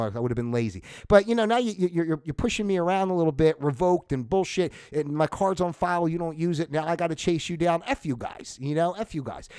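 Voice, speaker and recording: A man's voice: high-pitched, no room sound. Ranting male livestream host, dry sound. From New Jersey. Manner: animated, profane, laughs at own jokes. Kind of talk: casual ranting monologue.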